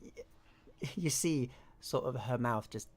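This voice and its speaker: A game master narrating a tabletop horror game in a relaxed, descriptive way. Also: medium pitch, takes it slowly.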